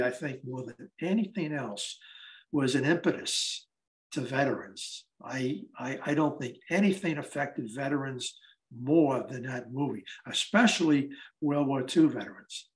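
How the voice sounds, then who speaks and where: A man's voice: medium pitch, animated, normal speed, low-quality recording. A man in his eighties, a guest speaker at a library event, telling stories conversationally and acting out the dialogue. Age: 80s. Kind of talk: storytelling talk.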